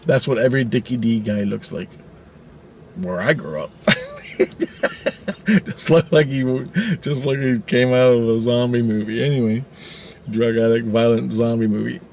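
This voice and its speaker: A man telling a story to camera in a casual, profane, animated way, laughing often. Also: medium pitch, a little hiss or hum. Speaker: channel host.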